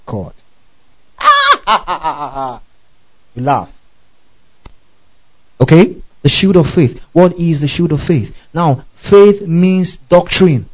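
A man's voice: fairly high pitch, warm tone, highs cut off. A man preaching a sermon, emphatic, often asking his listeners questions and stopping to spell out Greek words.

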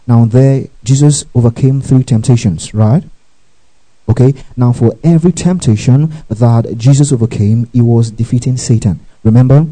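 A man's voice: mid-range voice, warm tone, poor audio. A man preaching a teaching sermon, reading scripture verses and prompting listeners to underline and repeat after him. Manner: teaching with scripture references, frequent call-and-response prompts.

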